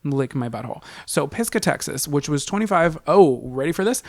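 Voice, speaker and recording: A man's voice: a little high, animated, a little fast, vocal fry, no echo, studio quality. A man co-hosting a podcast, telling a story in a casual, profane, jokey way. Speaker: podcast co-host.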